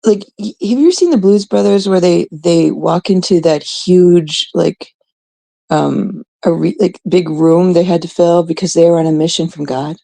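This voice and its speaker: Gravelly woman telling a rambling story. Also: lowish voice, moderate pace, rough recording. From Canada. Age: 30s. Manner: rambling, swears, animated quoted voices. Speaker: host. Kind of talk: casual storytelling monologue.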